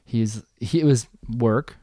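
A man's voice: mid-range voice, slow, mellow, dry recording, studio quality. A man co-hosting a podcast, chatting in an easygoing, agreeable way. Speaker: podcast co-host. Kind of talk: casual chat.

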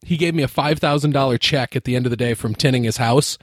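A man's voice: mid-range voice, fast talker, dry recording, studio quality. A man in his thirties from the United States, telling laid-back stories with frequent fillers and easy laughter. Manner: laid-back storytelling, says like often, laughs easily. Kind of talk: casual chat.

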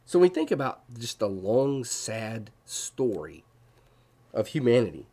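A man's voice: mid-range voice, very animated, a little slow, warm tone. A man giving a devotional Bible teaching, explaining verses and asking his listeners questions.

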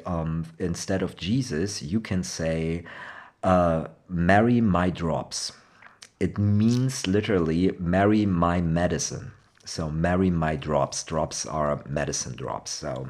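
Deep-voiced man with a Rhenish German accent. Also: a little mellow. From Germany, from Cologne. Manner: rambling, many fillers and restarts, laughs often. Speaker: language explainer. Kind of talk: casual explanatory chat.

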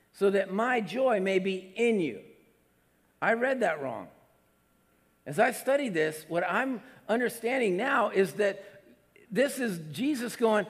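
A man preaching a sermon in a fairly high voice, moving between animated emphasis and soft, hushed passages. His words ring out with a long reverb, as in a large hall. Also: husky. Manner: animated preaching, acts out Jesus's delighted voice, drops to soft hushed tones. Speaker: pastor.

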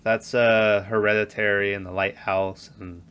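A man's voice: on the low side, a little slow, clear, resonant tone. A man in casual podcast chat about horror films, telling stories animatedly and acting out the lines he quotes. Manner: animated storyteller, acts out quotes with laughs.

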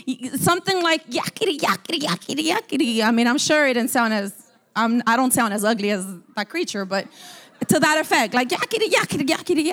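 A woman pastor preaching a sermon, shifting from quiet storytelling to loud, drawn-out shouted declarations, often repeating and restarting words. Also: sits high.

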